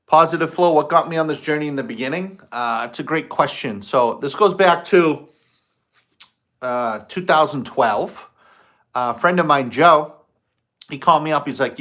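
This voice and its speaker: Hosting a spiritual livestream, a man with a fairly high, fairly bright voice greets viewers at a moderate pace. He tells a story in a loose, conversational way, acting out things he once said.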